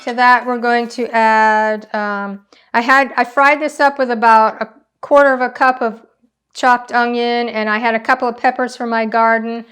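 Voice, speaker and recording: A woman with a smooth, clear voice pitched a little high walks through a recipe in her home kitchen. She chats easily and explains each step as she goes, like a casual cooking show host. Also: a bit bright.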